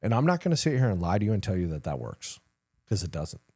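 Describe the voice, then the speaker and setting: A man's voice: low voice, sing-song, fast talker, a little mellow. A middle-aged man, a retired senior soldier, telling stories candidly as a podcast guest, acting out dialogue, swearing casually and laughing at himself. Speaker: retired command sergeant major, guest. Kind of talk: candid conversational storytelling.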